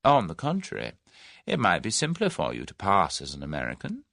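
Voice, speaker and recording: A man reading an audiobook voices a smooth, scheming middle-aged businessman, speaking in a suave, persuasive, measured way. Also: sits low, huge pitch swings, a bit bright, dry recording, clean studio sound, exaggerated voice.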